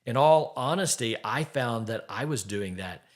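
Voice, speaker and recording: Middle-aged man, podcast host, faith-based advice talk, earnest, asks direct questions, medium pitch. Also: animated, unhurried.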